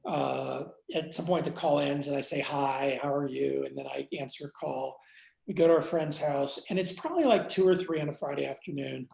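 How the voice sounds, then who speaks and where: A man recounts a personal story as an interview guest, reflective and unguarded, stopping and restarting his sentences. His voice has a gravelly fry and the room rings with noticeable echo. He swears casually and talks without polish. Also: a little high, darkish tone. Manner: reflective, halting, many fillers and restarts. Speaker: interview guest, entrepreneur and investor. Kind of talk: candid conversational storytelling.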